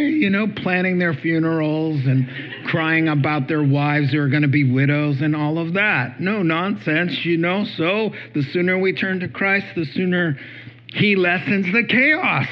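A male pastor preaching a conversational sermon, animated, with playful asides and acted-out quotes. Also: high-pitched, a little slow, highs cut off.

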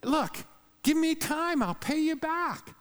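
A preacher putting on a flustered male servant caught short, pleading in a raised voice. The lines come slowly and echo through a large hall. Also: very high-pitched, animated, voice pushed up, heavily acted. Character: poor male servant begging over a small debt.

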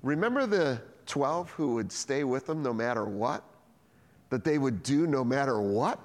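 A man's voice: mid-range voice, unhurried, long reverb tail. A man preaching a sermon, telling stories with lots of energy and acting out the dialogue himself. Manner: animated storytelling, acting out dialogue. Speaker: pastor.

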